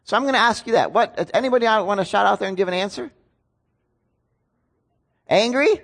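A man's voice: very high-pitched, a little fast, long pauses, a bit bright. A man preaching a sermon as pastor, conversational and self-deprecating, often asking his congregation questions.

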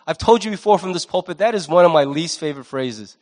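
A fairly high-voiced man in his forties preaching from the pulpit. He speaks with lively conviction and slips into character voices to act out the people he quotes. His delivery shifts between intense emphasis and casual asides. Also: quick pace. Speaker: pastor. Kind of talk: sermon.

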